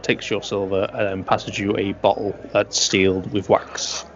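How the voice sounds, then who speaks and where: Low gravelly guy running a d&d game, muffled lo-fi mic. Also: level tone. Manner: halting, with many fillers. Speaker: game master. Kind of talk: narrating a tabletop game.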